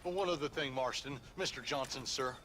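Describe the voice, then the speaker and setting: A man's voice: medium pitch, fairly quick, pushed and bright, close to an everyday voice. An actor playing a polite, earnest townsman of the old frontier in a video game. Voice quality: deferential, earnest. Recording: game audio with faint noise.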